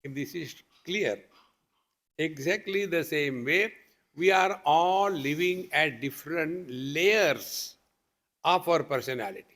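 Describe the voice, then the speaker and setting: Male swami, slow and patient spiritual talk with gentle humor, somewhat high-pitched. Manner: patient, questioning, with homely examples and light humor. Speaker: swami teaching at a meditation retreat. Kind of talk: spiritual discourse.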